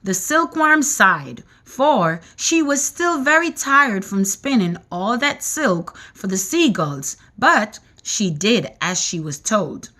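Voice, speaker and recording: A woman reading a children's book aloud, expressive and animated. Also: medium pitch, slow pace, few pauses. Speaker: reader.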